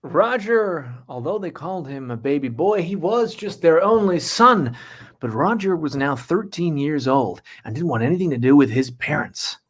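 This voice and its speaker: A man narrating an improvised comedy story in a mock-grand, deliberate way. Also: a little high, expressive, slightly rough.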